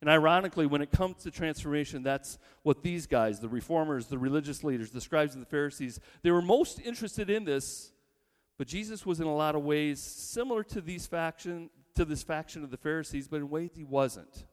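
A man's voice: a little high, a little fast. A male pastor preaching a sermon in a church, emphatic and building long lists, with rhetorical questions to the congregation. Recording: long reverb in a large hall.

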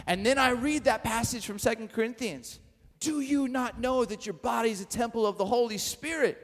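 A middle-aged pastor delivers his sermon in a notably high voice, carrying the listener through a story with animated energy. He keeps tossing in asides that poke fun at himself. His words ring out with a long reverb off the walls of a large hall. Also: a little fast.

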